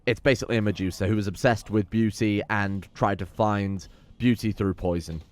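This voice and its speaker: A man's voice: on the low side, steady tone, normal speed. A man giving sweary, sarcastic let's play commentary while playing a game. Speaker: gameplay commentator.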